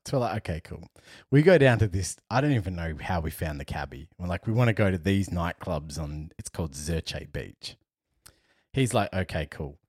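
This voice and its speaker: Husky low-voiced man telling stories. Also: dry recording, studio quality. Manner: animated storyteller, laughs often, acts out quotes. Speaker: podcast co-host. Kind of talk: casual storytelling chat.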